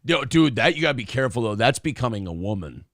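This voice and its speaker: A man's voice: medium pitch, fast, creaky, no room sound, clean studio sound. A man co-hosting a casual morning show, telling stories with crude, swearing banter. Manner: animated, crude, lots of swearing. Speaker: podcast co-host.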